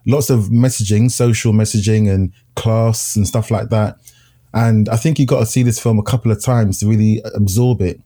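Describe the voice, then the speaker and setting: A man with a low, husky, dark voice talks through a film he liked in a loose, relaxed way. He laughs easily between points. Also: normal speed. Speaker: podcast co-host. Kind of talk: casual film review chat.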